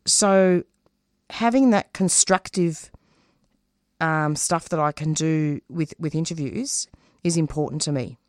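A woman's voice: low voice, measured pace, darkish tone, no echo, studio quality. A woman who produces radio, speaking in an interview with intense, emphatic feeling. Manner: intense, emphatic, openly emotional. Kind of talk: candid interview answers.

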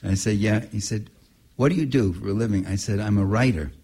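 Husky older man telling stories. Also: fairly low pitch, a little fast. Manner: animated storytelling, laughing at his own stories. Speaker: writer and activist speaker. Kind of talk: public talk with anecdotes.

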